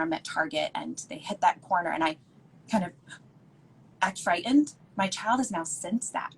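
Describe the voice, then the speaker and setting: A woman's voice: fairly low pitch, slight background noise, low-quality recording. A woman speaking as an educator guest, earnest and emphatic, repeating points for stress over a video call. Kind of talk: casual conversational interview.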